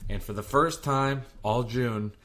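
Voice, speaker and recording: A man's voice: mid-range voice, a little slow, fairly bright tone. Guy, 30s, goofy self-mocking podcast host rambling from his garage. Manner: jokey, self-deprecating, laughs easily. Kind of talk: casual podcast chat and host-read ads. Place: home garage.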